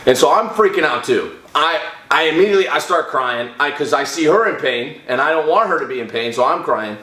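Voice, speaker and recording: A man's voice: on the high side, lively intonation, fairly quick, pushed and bright. A young man, a fitness vlogger, telling a personal story in a casual, rambling way with many restarts and fillers. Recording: echoey room.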